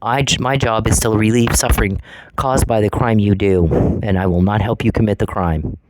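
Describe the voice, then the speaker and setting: Man, lowish register, for a furious confrontational vlog rant full of taunts. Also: fairly even intonation, moderate pace, background noise. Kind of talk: angry ranting monologue.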